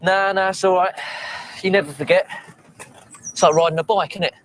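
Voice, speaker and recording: An actor playing a crude know-it-all teenage schoolboy with a British accent, bragging matter-of-factly. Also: male voice, sits high, fairly even intonation, brisk, heavy background noise, lightly acted. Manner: confident, matter-of-fact bragging.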